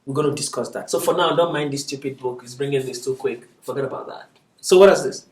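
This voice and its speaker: Heard from a distance in an echoey classroom, a male Arabic teacher lectures patiently and keeps checking that his students follow, often with "is that okay?" He talks fast in a mid-range, darkish voice.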